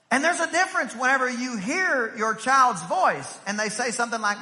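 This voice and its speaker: High, bright-voiced preaching man. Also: normal speed, few pauses. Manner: energetic preaching, tells family stories, rises to shouts. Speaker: pastor. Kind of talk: sermon. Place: church sanctuary. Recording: long reverb from a church hall.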